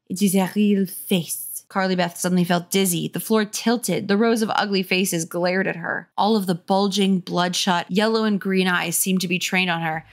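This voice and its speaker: A woman with a sore throat reading a children's horror book aloud, breaking in with sarcastic, mocking asides. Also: medium pitch. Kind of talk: comedic book reading with commentary.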